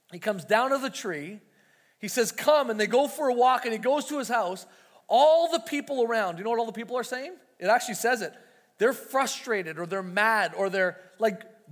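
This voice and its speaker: A man delivers a sermon in a relaxed, conversational way, now and then acting out quoted voices. His voice sits high for a man. The sound carries a long hall reverb, as from a church sanctuary. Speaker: pastor.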